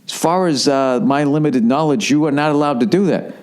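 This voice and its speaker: A man's voice: a little high, brisk, a little mellow. A man hosting a podcast, telling a long story in a profane, rambling way. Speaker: podcast host. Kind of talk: casual podcast monologue.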